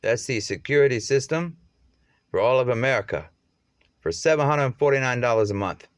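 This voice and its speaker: A man's voice: medium pitch, animated, fairly quick, smooth, no echo, studio quality. A man delivering a rambling, profane monologue that jumps from topic to topic.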